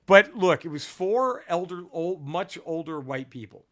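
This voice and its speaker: Animated, profane male podcast host. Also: on the high side, measured pace, no room sound, studio quality. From Texas. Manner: animated, profane, acts out quotes. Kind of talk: casual profane storytelling.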